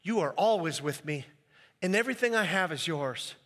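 A man preaching a sermon as pastor, animated and acting out the quoted voices. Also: on the high side, normal speed, big-room sound.

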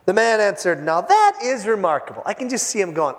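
A man preaching a sermon, retelling scripture in a lively storytelling way, acting out the voices and often restarting his phrases. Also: high voice, brisk, hardly any pauses. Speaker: pastor. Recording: echoey hall with long reverb.

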